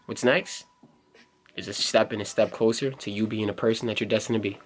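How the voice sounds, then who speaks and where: A man's voice: lowish voice, steady tone, fairly quick. A man in his twenties delivering a motivational vlog monologue, emphatic and blunt, scolding and urging the viewer directly. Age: 20s. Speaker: YouTuber.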